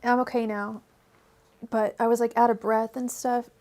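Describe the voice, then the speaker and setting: This tarot reader, speaking with a Californian accent, has a fairly high, slightly mellow voice, a flat delivery and normal speed. Recording on her own mic at home, she chats loosely on a livestream, stumbling into restarts, fillers and laughs.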